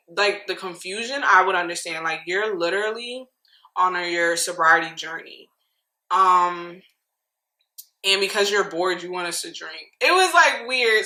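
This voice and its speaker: Bright, forceful woman, animated opinionated recap, echoey room. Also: mid-range voice. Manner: animated, opinionated, quick asides. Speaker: reality TV recap vlogger. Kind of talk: casual chat.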